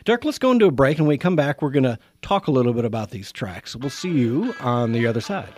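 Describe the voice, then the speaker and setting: A man's voice: medium pitch, very animated, fast, a little mellow, soft background music. A man hosting a political talk radio show, firing off indignant rhetorical questions and restarting his sentences. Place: radio studio.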